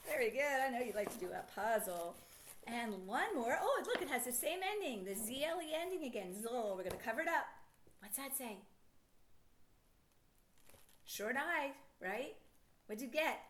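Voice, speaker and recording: A middle-aged woman teaching a children's phonics lesson, sounding out words slowly and asking encouraging questions. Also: sits high, fairly bright tone, a little hiss or hum.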